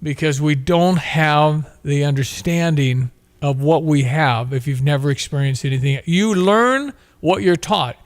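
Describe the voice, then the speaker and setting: A man's voice: a little high, unhurried, dry recording. Earnest, moralizing male talk show host.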